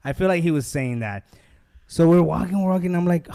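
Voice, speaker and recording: A man's voice: fairly high pitch, brisk, vocal fry, dark tone. A young man hosting a podcast, telling a story in casual chat, swearing freely and acting out other people's lines. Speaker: podcast host.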